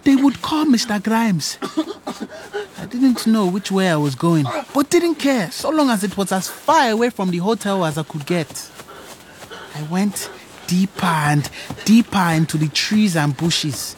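A woman narrating a story in the first person, hushed and wondering. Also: medium pitch, lively intonation, a little slow, a little hiss or hum.

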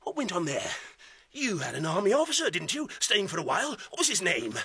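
A man playing a jealous, unhinged army captain and father, swinging between mocking laughter, despair and shouting. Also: high voice, wildly swooping pitch, brisk, husky, no room sound, heavily acted. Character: bitter, unhinged military father, jealous and raging. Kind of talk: stage drama acting.

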